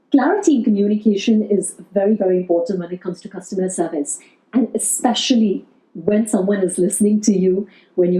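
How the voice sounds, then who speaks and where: A woman's voice: medium pitch, mellow, roomy sound, rough recording. A woman giving a customer service lesson, coaching earnestly and acting out friendly service phrases. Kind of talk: instructional video talk.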